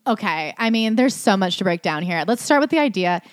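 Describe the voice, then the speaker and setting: Fast-talking sarcastic woman podcast host. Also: mid-range voice, lively intonation, clean tone, no room sound, studio quality. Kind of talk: reading aloud and commenting in casual chat.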